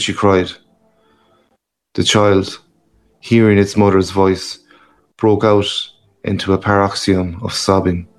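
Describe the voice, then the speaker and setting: A man reading a literary story aloud in a measured, grave manner. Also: sits low. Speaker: narrator. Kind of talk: audiobook reading.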